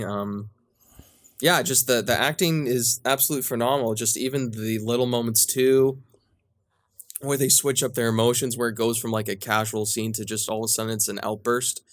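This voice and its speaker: A man's voice: medium pitch, fairly even intonation, normal speed, pauses often, no room sound, clean studio sound. A man co-hosting a podcast, chatting casually and enthusiastically about a film. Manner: enthusiastic, laughs often. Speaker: podcast co-host. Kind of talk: casual film review chat.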